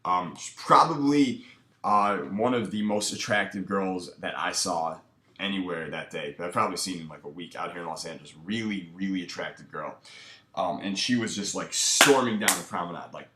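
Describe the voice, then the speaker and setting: A man's voice: deep voice, moderate pace, sharp tone. A man coaching casually, breaking down footage with a laid-back, filler-heavy way of talking. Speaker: dating coach. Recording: echoey room.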